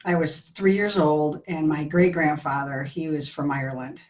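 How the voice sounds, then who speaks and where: A middle-aged woman speaking as an interview guest in a lowish voice. She rambles in a nervous, chatty way, restarting sentences and losing her thread. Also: fairly even intonation, moderate pace, a little mellow, distant mic, low-quality recording. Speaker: guest, tea business co-owner. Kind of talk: casual interview chat.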